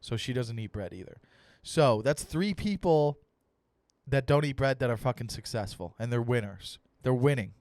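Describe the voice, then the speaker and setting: A young adult man hosting a comedy podcast, ranting with animated, profane storytelling and acted-out dialogue. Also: mid-range voice, moderate pace, no echo, clean studio sound. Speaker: comedian host.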